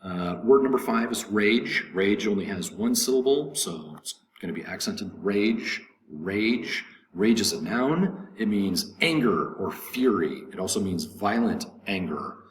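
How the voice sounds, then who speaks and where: A man teaching English vocabulary. He repeats each word slowly, marks its stress and says "um" and "uh" between points. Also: on the low side, animated, echoey room, slight background noise, rough recording. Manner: slow, repetitive pronunciation drilling with fillers. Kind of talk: recorded vocabulary lesson.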